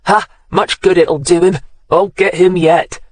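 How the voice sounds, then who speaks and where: Narrator doing a gruff old country man. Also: mid-range voice, fairly even intonation, unhurried, dry recording, lightly acted. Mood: gruff, aggrieved. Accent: English West Country rural. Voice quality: rural dialect, sneering then cracking. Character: grumpy old countryman grieving his cat.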